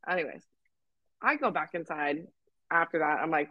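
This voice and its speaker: Animated young Canadian woman telling a story. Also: on the low side, normal speed, pauses often, no echo, lo-fi sound. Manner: swearing, laughing, acting out quotes. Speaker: podcast co-host. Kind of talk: casual storytelling chat.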